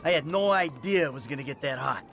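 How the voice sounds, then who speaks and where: A man playing a sarcastic middle-aged former criminal in a video game, given to sudden shouting rage. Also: on the high side, animated, quick pace, vocal fry, slight background noise. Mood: wry. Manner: sarcastic, swings into shouting fury. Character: middle-aged male ex-criminal, wry and volatile.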